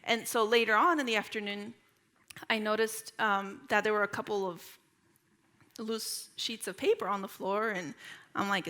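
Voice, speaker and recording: A woman's voice: fairly high pitch, moderate pace, pushed and bright. A woman in her thirties speaking at a church retreat, earnest and conversational as she tells a personal story. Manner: earnest, storytelling, acts out quoted voices.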